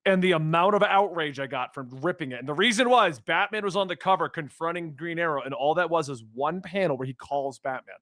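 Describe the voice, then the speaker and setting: A man hosting a casual podcast chat, speaking in an excitable, emphatic way. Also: a little high, a little fast, hardly any pauses, no room sound, clean studio sound. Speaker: podcast host.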